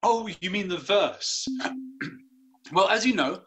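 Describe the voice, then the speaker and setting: Macbeth, knows he's in a play, teasing, likes reciting verse, sharp bright tone. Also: sits high, animated, slow, full character voice. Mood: knowing. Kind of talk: educational drama.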